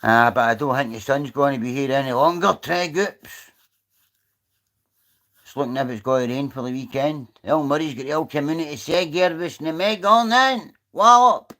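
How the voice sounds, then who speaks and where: A Scottish man in casual livestream chat, his talk rambling and loose, full of swearing and asides to viewers. His voice sits at an ordinary middle pitch for a man, talking outdoors. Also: normal speed, fairly bright tone. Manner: rambling, chatty, swears freely. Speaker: livestream host.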